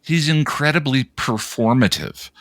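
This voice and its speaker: A man co-hosting a casual podcast discussion, thoughtful and analytical, pausing often as he builds his point. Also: medium pitch, a bit bright, dry recording, studio quality. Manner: thoughtful, analytical, hesitant with many pauses. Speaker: podcast co-host.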